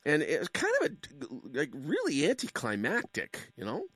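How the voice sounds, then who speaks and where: A Canadian man in his late fifties tells stories and jokes in an animated way, swinging his pitch up and down and throwing in rhetorical questions. His voice is bright and forceful. It sounds dry and close, with no room echo. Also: a little slow, slightly rough. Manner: animated, jokey, full of rhetorical questions and asides. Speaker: public speaker. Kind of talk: humorous storytelling monologue.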